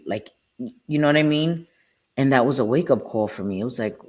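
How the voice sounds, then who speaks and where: A woman's voice: rumbling low, animated, a little fast, darkish tone. Earnest woman hosting a live stream. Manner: earnest, heartfelt, reads out viewers' names. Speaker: live-stream host sharing her recovery story. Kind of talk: candid casual talk to viewers.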